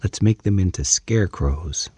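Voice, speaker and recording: A man voicing a playful, carefree young woman in an audiobook, speaking her lines in a lightly raised pitch. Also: moderate pace, warm tone, husky, no room sound.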